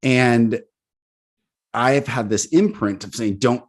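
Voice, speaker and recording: Male guest, 30s, video call; lively storyteller, slightly low voice, laughs and acts out quotes. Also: normal speed. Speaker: guest, healing coach. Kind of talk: casual conversation.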